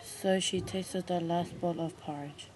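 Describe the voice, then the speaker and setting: A woman teacher reading a storybook aloud in a clear, steady read-aloud manner. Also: on the low side, a little slow, slight background noise, rough recording.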